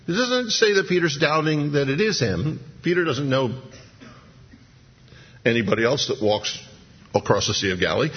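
A man's voice: on the high side, very animated, normal speed, slightly rough, muffled recording. A man preaching a sermon, dramatically retelling a scene and acting out its people in voices.

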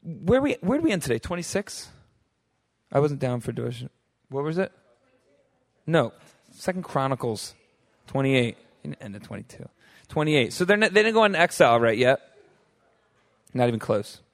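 Animated young man teaching the Bible. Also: mid-range voice, moderate pace, pauses often. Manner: animated, acts out quotes with voices; fillers like "like" and "right?". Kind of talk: casual bible teaching to a group.

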